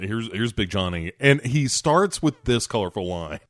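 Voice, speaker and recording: A man's voice: fairly low pitch, expressive, normal speed, few pauses, no room sound. A man co-hosting a podcast, retelling a movie plot in a comedic recap. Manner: storytelling, laughs often. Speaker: podcast co-host.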